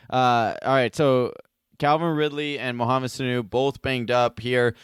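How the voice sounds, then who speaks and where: A man's voice: medium pitch, steady tone, a little slow, clear, resonant tone, no echo, studio quality. A man co-hosting a fantasy football podcast in casual, joking chat. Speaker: podcast co-host.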